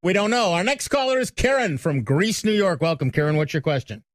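A man's voice: sits high, expressive, fairly quick, no echo. A man hosting a call-in tech radio show, reading news items and bantering with co-hosts. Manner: chatty, reads news items then banters. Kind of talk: casual tech talk radio. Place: radio studio.

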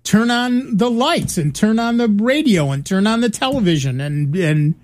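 A man's voice: high voice, lively intonation, moderate pace, a little mellow. Chatty middle-aged man telling stories. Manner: rambling, with many restarts and fillers. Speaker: podcast co-host. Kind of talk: casual chat, storytelling.

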